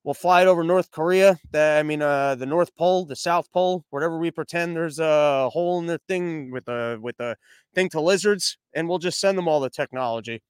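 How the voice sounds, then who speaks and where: A man's voice: a little high, a little fast, smooth, no room sound, clean studio sound. A young man hosting a news commentary podcast, rambling and sarcastic, mocking the stories and reading sponsor ads.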